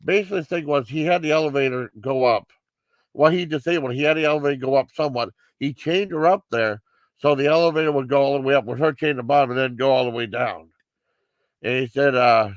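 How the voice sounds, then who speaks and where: A man's voice: medium pitch, quick pace, dry recording. A man giving a casual live movie review, rambling with many fillers and restarts.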